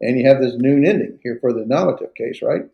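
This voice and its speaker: A man tutoring a student one-on-one in Greek grammar, relaxed and encouraging, with many fillers. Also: medium pitch, fast talker, creaky, muffled recording. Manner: relaxed, coaching, filler-heavy.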